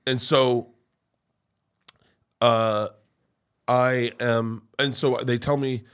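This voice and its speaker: A man's voice: mid-range voice, little pitch movement, extremely slow, long pauses, clear, resonant tone. A middle-aged man, a comedian guest, telling stories in a rambling, profane way with many restarts. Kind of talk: casual storytelling chat.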